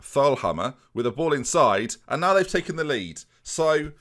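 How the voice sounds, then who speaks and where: Male gaming commentator, casual and chatty, pitch that jumps about a lot. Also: very animated, moderate pace, fairly bright tone. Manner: chatty, self-mocking, talks to viewers. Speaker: game commentator and YouTuber.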